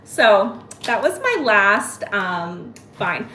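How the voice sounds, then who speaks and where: A woman's voice: medium pitch, extremely slow, a little hiss or hum. Chatty woman in an echoey room. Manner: chatty and excitable, addressing viewers by name. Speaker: host. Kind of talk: casual live-stream haul chat.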